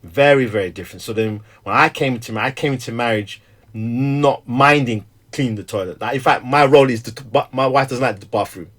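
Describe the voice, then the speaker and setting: A middle-aged man, a stay-at-home father who also preaches, talking candidly in an animated, storytelling way with frequent laughter. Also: medium pitch, fairly quick. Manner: animated storyteller, acts out quotes, laughs often. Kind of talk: candid conversation.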